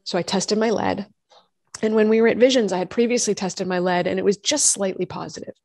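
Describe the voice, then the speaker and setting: A woman, a doctor and host telling her own health story in lively conversation, acting out what others said. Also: mid-range voice, brisk, no echo. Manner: animated storytelling, acts out quoted voices. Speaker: functional medicine gynecologist and podcast host.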